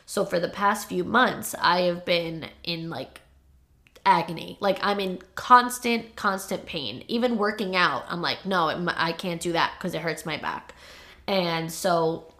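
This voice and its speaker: A woman's voice: fairly low pitch, measured pace, fairly bright tone. A young woman hosting a podcast, confiding about her life in a rambling way, still choked up from crying. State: choked up, tearful. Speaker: podcast host. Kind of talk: casual personal monologue.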